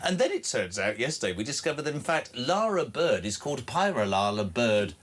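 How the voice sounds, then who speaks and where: A man's voice: mid-range voice, sing-song, fairly bright tone. A man hosting a breakfast radio show, reading out listener texts with cheeky, mocking banter. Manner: cheeky, quick-witted, mocking asides.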